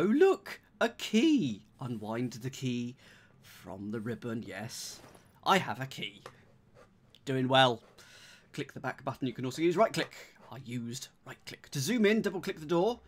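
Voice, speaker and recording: A man streaming a puzzle game in a casual chat, cracking jokes and reading the on-screen text aloud. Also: medium pitch. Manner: jokey, reads game text aloud with quips. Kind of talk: casual let's-play chat.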